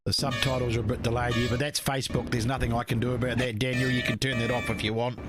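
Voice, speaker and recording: A man's voice: mid-range voice, little pitch movement, quick pace, loud music behind the voice. A man hosting live stockcar race commentary, laid-back and matey, chatting to drivers and viewers. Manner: laid-back, matey, peppers talk with "mate" and "eh". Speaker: race commentator and stream host.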